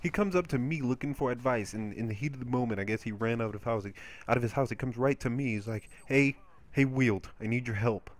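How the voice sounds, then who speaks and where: A man's voice: medium pitch, fast. Rambling, crude male gameplay commentator. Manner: rambling, crude, animated storytelling. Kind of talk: casual storytelling over gameplay.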